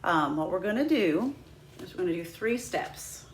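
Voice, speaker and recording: A woman's voice: on the low side, expressive, normal speed, reverberant, a little hiss or hum. A woman teaching a flute lesson, patient and demonstrative, walking students through each step. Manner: patient, demonstrative, breaks into sung "ha ha" drills. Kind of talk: instructional lesson.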